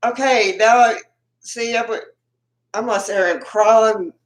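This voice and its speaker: A woman's voice: a little high, steady tone, unhurried. A Texan woman hosting a casual live chat with her viewers from home, chatty and laughing often as she greets them by name. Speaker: livestream host. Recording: roomy echo.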